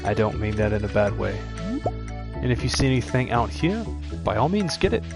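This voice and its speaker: This man's voice is on the low side and sing-song, fairly quick, with some vocal fry. As a let's play streamer, he casually comments on gameplay and explains tips to viewers while game music plays in the background.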